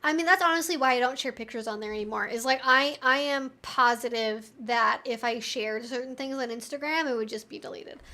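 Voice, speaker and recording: A woman's voice: on the high side, brisk, few pauses, bright, forceful tone. A young woman hosting a casual live-stream Q&A at home, chatty and candid, with lots of "like" in her speech. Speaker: live-stream host answering viewer questions.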